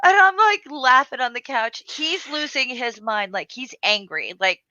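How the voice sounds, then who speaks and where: A woman chatting casually, blunt and crude, telling animated stories. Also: on the high side, measured pace, dry recording, muffled recording. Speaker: storyteller. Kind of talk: casual chat.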